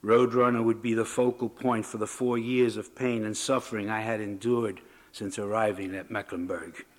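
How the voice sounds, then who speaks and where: A man reading a first-person prison story aloud at an awards ceremony, with measured, dramatic storytelling. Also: fairly low pitch, level tone. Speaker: prison writing award reader.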